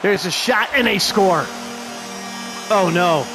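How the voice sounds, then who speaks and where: A man giving excited play-by-play of a hockey video game he is playing, openly rooting for his team. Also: high voice, slow pace.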